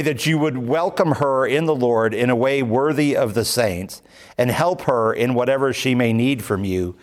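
A man leading a Bible study, reading a commentary aloud and explaining it in an unhurried way with many ums and uhs. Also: mid-range voice.

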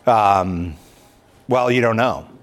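A man leading a Bible class as pastor, talking it through slowly with many pauses, ums and restarts. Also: on the low side, lively intonation. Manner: slow, thoughtful, many fillers and restarts. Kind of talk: unscripted Bible class teaching.

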